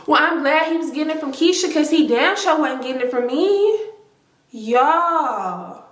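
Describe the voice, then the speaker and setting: A woman in her twenties telling a story to her viewers, animated and emphatic, with lots of swearing. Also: high voice, unhurried. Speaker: vlogger. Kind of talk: casual storytime. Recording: roomy echo.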